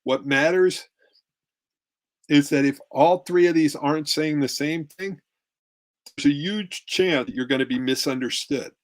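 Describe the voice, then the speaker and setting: A middle-aged man giving a relationship workshop talk with slides, acting out tones of voice to make his points. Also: fairly high pitch. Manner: demonstrative, acts out tones of voice. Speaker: relationship coach.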